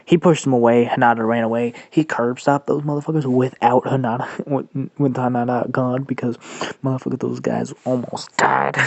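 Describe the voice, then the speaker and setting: A young man spins a fan-made story off the cuff, rambling and swearing freely as he goes. His voice sits at a middling pitch, and he often chuckles at his own jokes. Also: level tone, normal speed, creaky. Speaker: fan-fiction narrator and channel host. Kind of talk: casual spoken fan-fiction storytelling.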